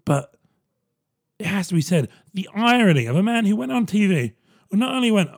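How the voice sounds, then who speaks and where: Husky podcast host rambling. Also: male voice, sits high, sing-song, a little fast. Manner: rambling, sardonic, swears freely. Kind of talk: casual solo podcast monologue.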